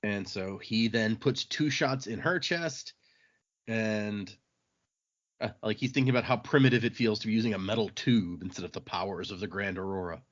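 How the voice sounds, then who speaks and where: A man's voice: fairly low pitch, moderate pace, lo-fi sound. A man hosting a podcast, casually recapping a novel's chapters with fillers and a loose, chatty manner. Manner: rambling, with fillers and laughs, acting out quotes. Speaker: podcast host.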